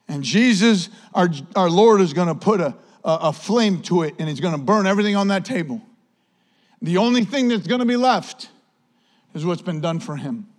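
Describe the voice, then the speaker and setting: A man's voice: sits high, in a large hall. A male pastor preaching a sermon, impassioned, with repetition and rising exclamations.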